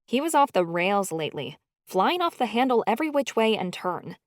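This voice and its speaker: Expressive woman audiobook narrator. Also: medium pitch, moderate pace, dry recording, clean studio sound. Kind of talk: first-person scripted narration.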